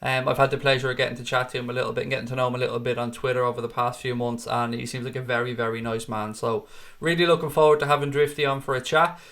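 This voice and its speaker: A man's voice: medium pitch, level tone, very fast, fairly bright tone. Blunt, outspoken man hosting a livestream. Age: adult with a wife and kids. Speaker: host of a fan channel livestream. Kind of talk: casual livestream chat answering viewer comments.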